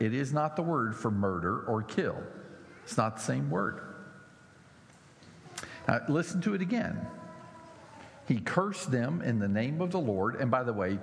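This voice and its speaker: A man preaching a sermon in an animated way, his voice climbing high when he mocks. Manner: animated, mocking voices rising high and loud. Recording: echoey hall with faint noise.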